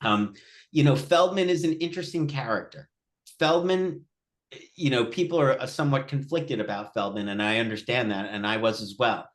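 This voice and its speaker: Animated man telling a director's anecdote. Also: mid-range voice, normal speed. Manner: animated, acts out quotes, frequent restarts. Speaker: film director at a Q&A. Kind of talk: casual anecdotal storytelling.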